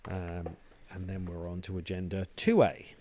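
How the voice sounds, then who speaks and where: A man co-hosting a board game podcast, chatty and quick to check his facts. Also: low-pitched, level tone, warm tone, slight background noise. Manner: chatty, laughs easily, asks for confirmation. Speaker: podcast co-host. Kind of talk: casual board game discussion.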